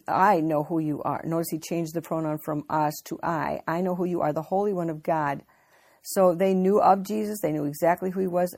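A woman preaches in a conversational, earnest way, working through scripture off the cuff. Her voice sits on the lower side for a woman. She stops and restarts as she thinks aloud. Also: mellow. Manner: unscripted, with frequent fillers and restarts, earnest. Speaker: Bible teacher. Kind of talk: conversational sermon.

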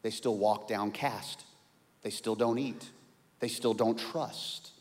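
A man preaching a sermon in an animated way, acting out the voices of the people in his story. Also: fairly low pitch, takes it slowly, big-room sound. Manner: animated, acts out quoted voices. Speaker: pastor.

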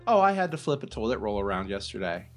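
A man's voice: fairly low pitch, very animated, fast. A man co-hosting a podcast, easygoing in casual chat, often repeating words as he starts a sentence. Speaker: podcast co-host.

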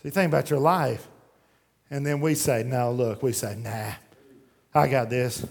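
A man preaching a sermon, swinging from shouted pleas to hushed intensity and reading scripture aloud in old-fashioned phrasing. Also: medium pitch, measured pace, gravelly, pauses often. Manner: reads scripture aloud in King James phrasing.

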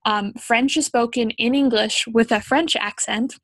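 A woman's voice: fairly high pitch, fairly even intonation, unhurried, a bit bright, no echo. A young woman from Canada co-hosting a casual chat, talking with many ums and likes. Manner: chatty, frequent ums and likes.

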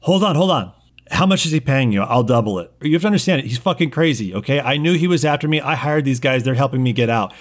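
A man's voice: medium pitch, expressive, quick pace, pitched above the performer's own voice, close to an everyday voice. A man voicing a panicky male scientist in a clean suit, pleading and repeating himself.

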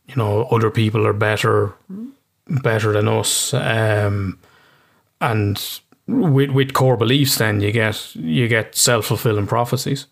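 A man's voice: on the low side, fairly even intonation, unhurried, vocal fry. A man with an Irish accent, a therapist, explaining ideas casually in an interview, swearing freely and often restarting his sentences.

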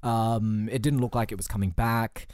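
A man's voice: on the low side, fairly even intonation, normal speed, darkish tone, no echo, clean studio sound. A man in casual improvised comedy chat, rambling and playful, laughing often as he builds silly ideas.

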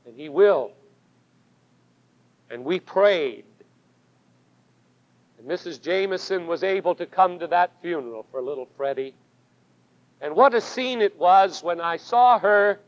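High-voiced fervent preacher man, lo-fi. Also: dry recording. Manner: fervent preaching with emphatic swells and hushed drops. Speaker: pastor. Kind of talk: sermon. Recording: dull lo-fi sermon recording.

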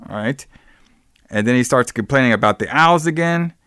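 A man in a casual podcast recap, talking through a movie scene by scene with a sarcastic edge and quick put-on character voices. His voice sits at an ordinary middle pitch, and the sound is close and dry with no room echo. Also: animated, fairly bright tone, clean tone. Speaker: podcast co-host.

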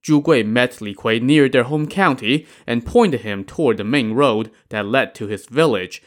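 A man's voice: medium pitch, normal speed. A man narrating a classic tale in a conversational, wry storytelling style with casual asides. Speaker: podcast narrator.

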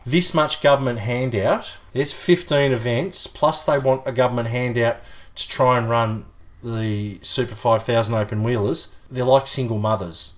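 A man hosting a jokey comedy podcast, excitable and laughing often. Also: medium pitch, moderate pace. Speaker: podcast host.

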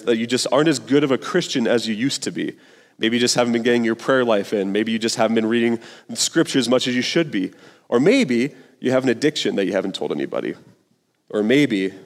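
A young man in his twenties preaching a sermon as youth pastor, casual and conversational with fillers and asides, in a church. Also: mid-range voice. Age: 20s. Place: church sanctuary. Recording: long reverb of a large hall.

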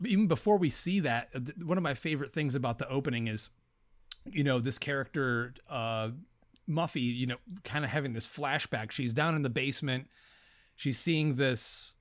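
A man co-hosts a loose movie chat, swearing freely and wandering through his thoughts. His voice sits at an ordinary pitch, caught on a dry close mic with no room sound. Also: no room sound. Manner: profane, rambling, animated. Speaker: podcast co-host. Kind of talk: casual film discussion.

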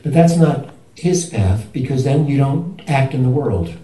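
A man asking a long, halting question at a retreat, often restarting and searching for his words. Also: mid-range voice, expressive, warm tone, reverberant, distant mic, a little hiss or hum, low-quality recording. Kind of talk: rambling spoken question.

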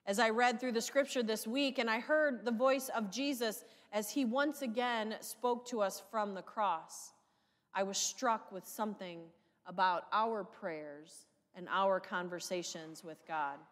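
A woman pastor preaching a sermon in a measured, emphatic way, her questions sometimes rising with passion. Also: medium pitch, a bit bright, in a large hall.

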